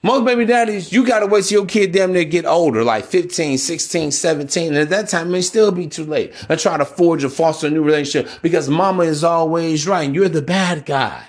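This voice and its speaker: A man's voice: a little high, brisk, few pauses. Blunt, profane male podcaster. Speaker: podcast host. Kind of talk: casual monologue.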